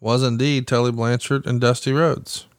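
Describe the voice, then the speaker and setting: A man's voice: medium pitch, little pitch movement, normal speed, dry recording, studio quality. A man hosting a podcast, recapping events in a factual, casual way. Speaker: podcast host. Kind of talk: casual chat.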